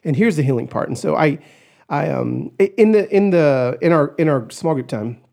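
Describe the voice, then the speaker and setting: A man tells a personal story as a podcast guest, animated and expressive, slipping into the voices of the people in it. His voice sits a little high but sounds mellow and warm. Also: moderate pace, gravelly. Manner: animated, acts out quoted voices, shouts in retelling.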